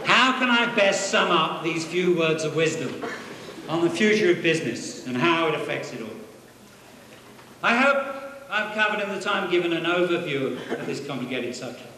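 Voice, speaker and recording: A man playing a fake male professor at a business conference, telling jokes deadpan and bantering with the audience. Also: a little high, moderate pace, background noise, lightly acted. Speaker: conference speaker. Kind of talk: stand-up comedy as a hoax lecture. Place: large conference hall. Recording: echoey hall with long reverb.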